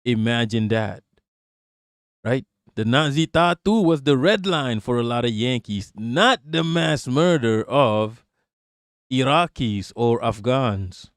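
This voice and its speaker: A man's voice: mid-range voice, animated, takes it slowly, no echo, studio quality. Sarcastic, swearing male streamer. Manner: sarcastic, profane, talks back to chat. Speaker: streamer reacting to a clip and chat. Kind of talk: casual live-stream commentary.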